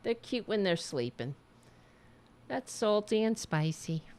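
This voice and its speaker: Hosting a live-streamed political talk show, a woman rants bluntly and angrily with plenty of swearing, occasionally dropping to quieter asides aimed at the chat. Her medium-pitched voice is expressive and unhurried.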